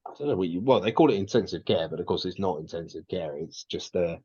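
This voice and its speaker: A man's voice: low voice, animated, quick pace, mellow, breathy edge, dull audio. A man co-hosting a podcast, chatting casually and rambling with lots of restarts and fillers. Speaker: podcast co-host.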